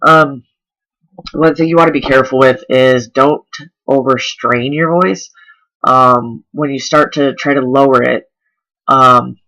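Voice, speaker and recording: A man's voice: medium pitch, bright, forceful tone, poor audio. A man vlogging a casual voice tutorial, explaining step by step with lots of ums. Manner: chatty, filler-heavy explaining. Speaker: voice coach vlogger.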